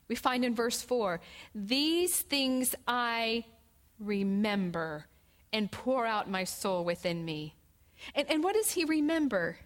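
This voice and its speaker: Brief: middle-aged woman Bible study teacher, somewhat high voice, expressive and deliberate with scripture. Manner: expressive, slows down on scripture quotes.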